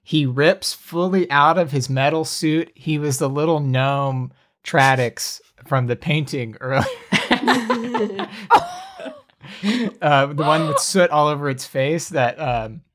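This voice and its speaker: A man's voice: fairly high pitch, expressive, takes it slowly, a bit bright. A man narrating as game master of a tabletop game, casual and self-deprecating, often laughing.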